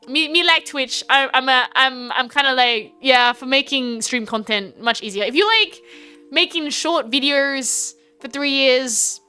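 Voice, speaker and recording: A woman's voice: high-pitched, pushed and bright, clean tone. A young Australian woman streaming live, chatting in a rambling way with lots of fillers and restarts. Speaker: VTuber streamer. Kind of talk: casual livestream chat.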